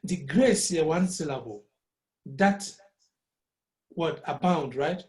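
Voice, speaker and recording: A man's voice: a little high, animated, slow, a little mellow. A man with a Ghanaian accent teaching a music lesson, patiently repeating words syllable by syllable. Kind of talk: classroom lesson mixing Twi and English. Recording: echoey room.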